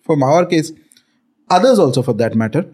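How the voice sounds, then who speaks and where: On a storytelling podcast, a guest who writes on spirituality, a middle-aged man with an Indian accent, uses a story to explain spiritual ideas, mixing in fillers and Hindi words. His fairly high, mellow voice is expressive and moves at a moderate pace.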